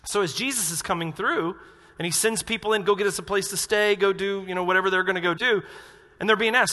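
A pastor preaching a sermon to his church, animated, acting out quotes with sudden loud outbursts. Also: sits high, fast talker. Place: church auditorium. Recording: reverberant church hall.

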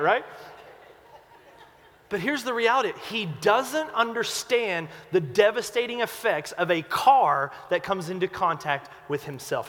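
Pastor, male, higher pitch, earnest conversational preaching, echo of a hall. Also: bright, forceful tone. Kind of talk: sermon.

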